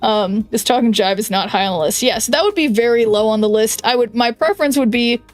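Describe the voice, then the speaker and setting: A young woman streaming a card game, thinking aloud in a chatty way with lots of "like"s and quick restarts. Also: a little high, no echo, soft background music. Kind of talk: casual stream chat while playing a card game.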